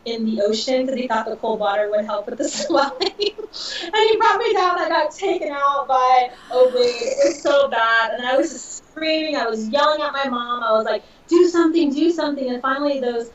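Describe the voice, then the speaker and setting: A woman's voice: sits high, moderate pace. Podcast guest, woman, 30s, emotional storyteller, echoey room, faint background noise. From Southern California. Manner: emotional, animated retelling with laughs. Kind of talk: casual storytelling. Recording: dull, distant, roomy audio.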